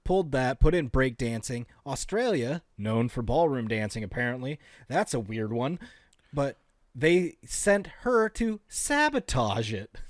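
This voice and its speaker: A man's voice: medium pitch, big pitch swings, unhurried, dry recording, studio quality. A man co-hosting a comedy podcast, tossing out playful, absurd jokes in casual banter and laughing easily. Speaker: podcast co-host.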